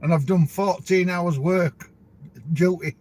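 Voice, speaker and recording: A man's voice: sits high, fairly even intonation, takes it slowly, a little mellow. A middle-aged man with a Yorkshire accent, a truck driver talking casually to camera in a rambling, chatty way. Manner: rambling, chatty, laughs between stories.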